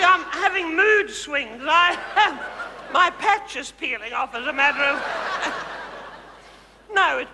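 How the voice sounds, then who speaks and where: Recorded from a VHS broadcast in an echoing theatre hall full of audience noise, an Australian-accented comedian performs a live monologue as a vain, glamorous former housewife turned megastar. His voice is very high-pitched, and he camply teases and gushes over the crowd before him on the big stage, calling them darlings.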